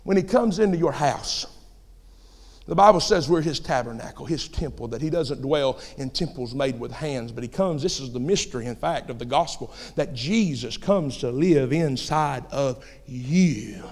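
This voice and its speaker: A male pastor preaching a sermon with passion, his voice climbing to shouts at the peaks. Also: medium pitch, moderate pace, in a large hall. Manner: impassioned, rising to shouts.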